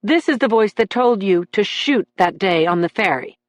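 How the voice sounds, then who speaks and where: A woman doing a calm, measured defense lawyer. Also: high-pitched, no echo, muffled recording. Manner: even, measured, matter-of-fact. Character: cool, composed male defense attorney.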